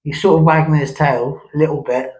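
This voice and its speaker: A man's voice: a little high, steady tone, brisk, darkish tone, rough recording. A man telling a long ghost story from his past in a rambling, conversational way, with many restarts and asides. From England. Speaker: vlogger.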